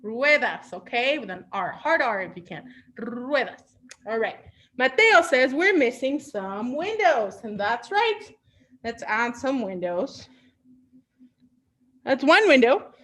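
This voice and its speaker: A woman's voice: on the high side, sing-song, measured pace, a bit bright. A woman leading an online children's storytime as a librarian, talking in an upbeat, patient, teacher-like way and dropping in Spanish words. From Mexico.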